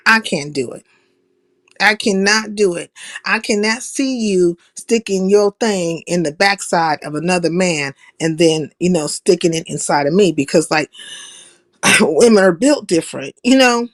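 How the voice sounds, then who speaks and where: A woman hosting a live stream, giving a blunt, profane monologue and laughing at her own jokes. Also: mid-range voice. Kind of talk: casual opinionated monologue.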